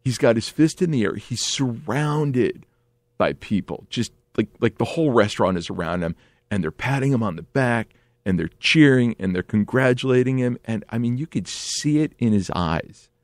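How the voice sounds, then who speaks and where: Gravelly man telling a story. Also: medium pitch, normal speed, no echo. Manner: animated, swings between hushed and excited, many restarts. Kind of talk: casual spoken storytelling.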